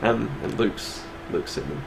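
A man co-hosting an online awards show in casual chat, laid-back and quick to laugh. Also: on the low side, creaky, slight background noise, low-quality recording. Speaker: awards co-host.

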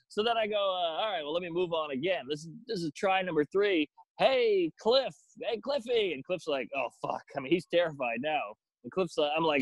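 A man's voice: a little high, fairly quick, no echo, rough recording. A man, a stand-up comedian, telling a story in casual chat and acting out the people in it with exaggerated voices.

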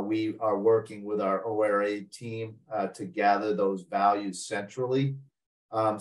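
Low-voiced man, a bit off-mic. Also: recorded from a distance, rough recording. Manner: measured, with frequent fillers. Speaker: finance program presenter. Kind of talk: scripted informational briefing.

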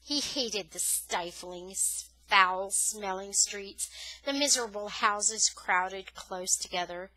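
A woman's voice: mid-range voice, slow, dry recording, poor audio. A woman reading a novel aloud as a storyteller, lifting her voice on the dramatic moments. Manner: expressive storytelling, rising on dramatic words. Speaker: audiobook reader.

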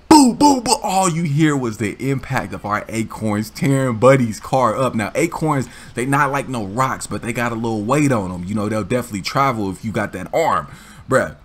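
Husky-voiced man telling a story. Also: mid-range voice, moderate pace. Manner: animated, laughing, slangy. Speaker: gaming channel host. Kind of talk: casual storytelling while gaming.

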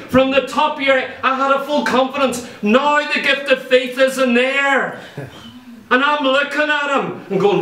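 High-voiced Irish preacher in an echoey church. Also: male voice, moderate pace. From Ireland. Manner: lively storytelling, acts out quoted speech. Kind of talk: sermon. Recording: echoey church room, mic at a distance.

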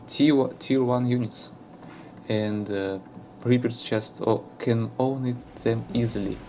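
Speaking halting English with a Russian accent, a man from Russia commentates a strategy game, frequently correcting himself and filling gaps with hesitations. His pitch is medium, with a little hiss or hum in the recording.

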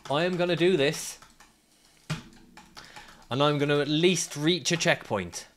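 A man's voice: on the high side, a little slow, a little hiss or hum. A man streaming a climbing game, ranting, swearing and laughing at his climber as he plays. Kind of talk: live gameplay commentary.

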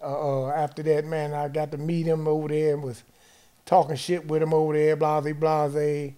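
Animated, profane DC man. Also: on the high side, normal speed, clean tone. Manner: animated, profane storytelling, acts out quoted dialogue. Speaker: guest storyteller. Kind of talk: casual chat.

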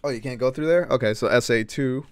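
A man's voice: medium pitch, quick pace, smooth. A man giving casual let's-play commentary, cheering, yelping and scolding game characters as he plays. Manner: excitable, yelps and cheers at the game. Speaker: gaming streamer.

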